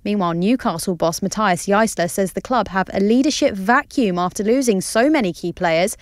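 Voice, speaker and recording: Lady reading sports news, very dry close sound, mid pitch. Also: brisk, dry recording. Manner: crisp, even news delivery. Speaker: sports newsreader.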